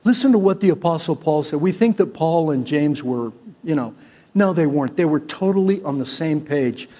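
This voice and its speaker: A male pastor from Syria preaching a sermon, swinging from loud exhortation to soft, conversational storytelling. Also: fairly high pitch, lively intonation, normal speed.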